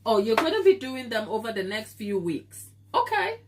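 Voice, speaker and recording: A woman's voice: fairly high pitch, big pitch swings, normal speed, a little mellow, slight background noise. A woman with a stuffy nose hosting a live baking stream from her kitchen, chatting casually with viewers and laughing often. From Africa. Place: home kitchen.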